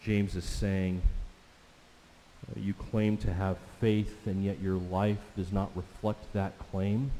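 A man preaching a sermon as a pastor, emphatic, slowing down to stress each scripture quote. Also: deep voice, flat delivery, warm tone, long reverb tail, slight background noise, rough recording.

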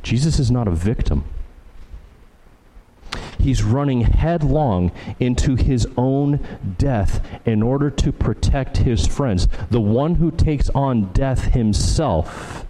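Male pastor, unhurried sermon delivery, warm mellow tone, earnest repetition for emphasis. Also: medium pitch, animated, low-quality recording. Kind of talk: expository sermon.

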